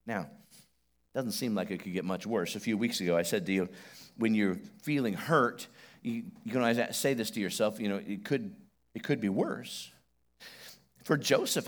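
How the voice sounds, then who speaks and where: A middle-aged man preaching a sermon on a church stage, telling stories animatedly and swinging between loud bursts and hushed asides. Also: medium pitch. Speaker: pastor. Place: church stage before a congregation.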